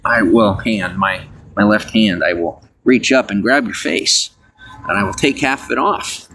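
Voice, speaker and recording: Young male vlogger with a rambling delivery that drops low and then jumps up high, over a faint hiss. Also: measured pace, rough recording. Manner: rambling, swings between mumbling and loud high outbursts. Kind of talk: rambling solo vlog monologue.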